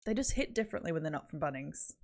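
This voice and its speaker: A woman's voice: sits low, lively intonation, quick pace, darkish tone. Giggly young Australian woman streamer. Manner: giggly, rambling, lots of "like". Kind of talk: casual chat.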